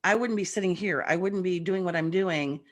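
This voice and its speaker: A woman joins a video call as a guest medium and chats away, recounting stories with lively energy. She talks briskly in a voice on the low side, slightly rough since it's morning.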